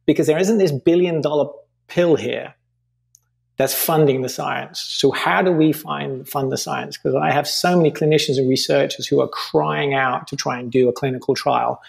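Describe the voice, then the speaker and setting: A man with a fairly high, gravelly voice makes his point with earnest conviction. He lays out figures one after another as a guest in a conversational podcast interview. His tone stays persuasive and focused throughout. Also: fairly even intonation, normal speed. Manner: earnest, pitching with figures and examples. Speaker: podcast guest, company founder.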